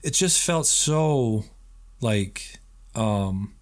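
A man's voice: fairly low pitch, drawn-out words. A man co-hosting a film podcast, casually retelling scenes and acting out the characters' lines. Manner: animated retelling with acted quotes. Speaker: podcast co-host. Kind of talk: casual film review chat.

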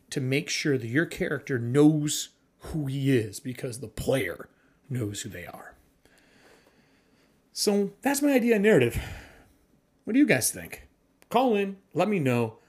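A man hosting his own podcast, chatting casually about gaming with a husky, slightly breathy voice. His pitch swings widely and he sits a bit high, blunt and cheerfully profane. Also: darkish tone. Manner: blunt and swearing, enthusiastic. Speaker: podcast host. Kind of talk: casual solo podcast talk.

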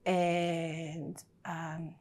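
A woman's voice: sits low, completely flat delivery, very slow, a little mellow. A woman telling a personal story as a podcast guest, candid and emotional, swearing and sometimes dropping to a near-whisper.

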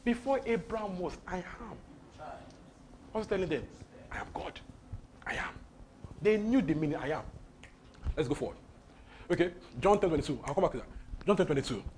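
A man's voice: sits high, animated, brisk, long pauses, a little mellow, slight background noise. A man leading a Bible lesson, breaking in on the reading to explain and repeat key phrases with emphasis. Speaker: Bible teacher. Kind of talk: commenting on a scripture reading.

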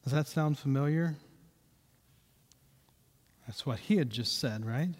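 A man's voice: medium pitch, slow pace, a little mellow. A man preaching a sermon in a conversational way, repeating key points for emphasis. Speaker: pastor. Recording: reverberant hall.

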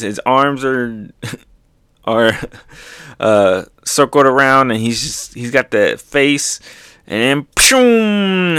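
A young man excitedly reacting to a comic chapter, laughing often and making sound effects. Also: mid-range voice, smooth, no room sound, clean studio sound.

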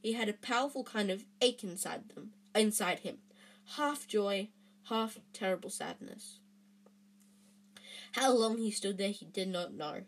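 A woman's voice: medium pitch, measured pace. A woman reading a storybook aloud, with frequent restarts and fillers. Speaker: reader.

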